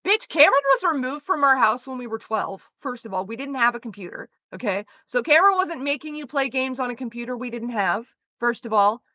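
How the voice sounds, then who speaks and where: A woman with a bright, sharp, fairly high voice chats as a streamer, swearing freely and venting sarcastically. The sound is dry and a little muffled, close to a desk mic. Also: a little fast, few pauses, no echo. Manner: profane, ranting, sarcastic. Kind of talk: casual chat.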